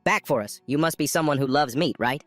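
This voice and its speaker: A man's voice: on the high side, a little fast, a bit bright, dry recording, faint music behind, lightly acted. A man voicing an intense, meat-obsessed male chef who speaks in a grand, preaching way. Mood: praising.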